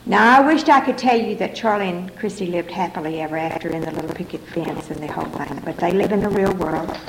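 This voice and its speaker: Older lady telling her story at a meeting, folksy and funny, gravelly voice, echoey room. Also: lowish voice, fast, slight background noise. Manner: folksy, frank storytelling with wry humor. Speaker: speaker sharing her story at a recovery meeting. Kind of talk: personal testimony to a meeting audience.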